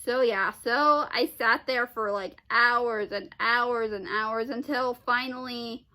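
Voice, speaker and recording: A woman with a high, bright voice rambles through a personal story for her vlog. She restarts her sentences often and lets out sighs and exasperated groans along the way. Her tone sounds sharp and forward, and she keeps her delivery casual. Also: slow. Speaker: vlogger.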